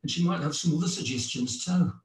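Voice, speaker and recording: A man with a British accent playing a health worker in a scripted listening test dialogue, steady and matter-of-fact. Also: a little high, fast, lightly acted. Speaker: practice staff in an exam listening recording. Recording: roomy replayed audio.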